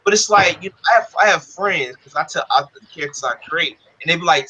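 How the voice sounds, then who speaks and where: A man's voice: on the high side, lively intonation, fast, pushed and bright, slight background noise, low-quality recording. A man who makes comic books, ranting in casual talk. He swears often and acts out arguments with other people. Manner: profane, fired-up, quotes others in mock exchanges. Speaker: comic book creator and podcast host. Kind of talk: heated casual rant.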